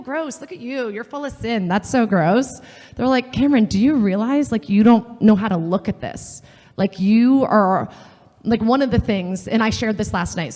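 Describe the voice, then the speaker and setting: A woman gives a faith talk at a women's gathering, earnest and chatty, slipping into little acted voices when she quotes people. Her voice sits at an ordinary middle pitch and rings with the long reverb of a large hall or chapel. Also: a little mellow. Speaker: speaker at a women's session. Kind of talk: faith talk to a live audience.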